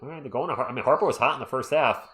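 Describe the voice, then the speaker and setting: A man's voice: mid-range voice, very fast, fairly bright tone. A man hosting a live stream, giving casual fan play-by-play of a basketball game and chatting with viewers between plays.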